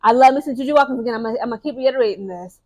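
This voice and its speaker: A young woman with a high, somewhat dark voice speaks directly to her audience in a casual, opinionated sports vlog. She pushes her points emphatically, tossing in "okay?" and "guys" throughout. Her delivery is quick and chatty, with frequent restarts and repeated words.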